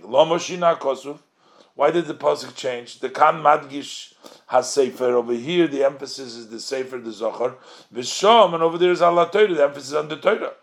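A man teaching a text study lesson, reading Hebrew phrases and translating them as he poses questions. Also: a little high. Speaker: Torah teacher.

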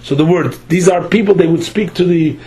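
A man whose voice sits high yet has a dark tone teaches a text study class, heard on a low-quality recording. He reads phrases aloud with a pronunciation, translates line by line, and often breaks off to restart.

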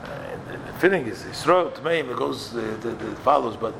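Man, gravelly voice, Torah teacher, walks through texts step by step, faint ambience behind. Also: medium pitch, expressive, normal speed, background noise. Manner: explains texts step by step, quoting and translating. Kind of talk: Torah class.

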